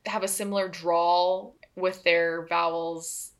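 A woman with an English Canadian accent co-hosting a casual chat podcast, talking fast and laughing often. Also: lowish voice, flat delivery. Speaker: podcast co-host.

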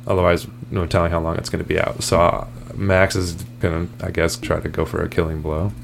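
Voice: low voice, little pitch movement, brisk, vocal fry, slight background noise. A player in a tabletop game, chatting in a jokey, casual way. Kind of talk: casual chat.

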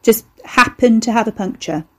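A woman's voice: on the high side, normal speed, fairly bright tone, slightly rough. A woman voicing a cocky young man who is an eldritch horror in human form, talking in a casual, slangy, offhand way. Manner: casual, slangy, chatty, unbothered.

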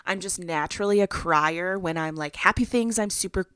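A woman's voice: fairly low pitch, normal speed, a bit bright, clean tone, no room sound, studio quality. A young adult woman hosting a podcast, telling a personal story in a chatty way with lots of fillers. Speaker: podcast host.

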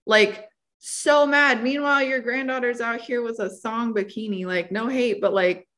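A woman's voice: on the high side, steady tone, moderate pace, a bit bright. A young woman, a photographer and guest, telling stories in an easygoing way with lots of fillers. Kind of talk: casual storytelling.

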